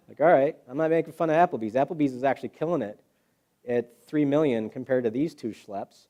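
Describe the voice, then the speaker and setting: This guest presenter speaks quickly in a mid-range voice during a public talk to a live audience in a hall. He brings his stories to life by acting out quotes and throwing in rhetorical questions.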